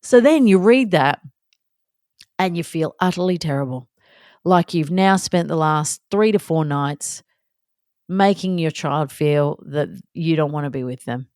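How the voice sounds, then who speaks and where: A woman's voice: low-pitched, measured pace, a little mellow, clear, resonant tone, no room sound, studio quality. A woman in her thirties hosting a candid solo podcast, chatty and self-deprecating, acting out little scenes in her talk. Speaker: podcast host.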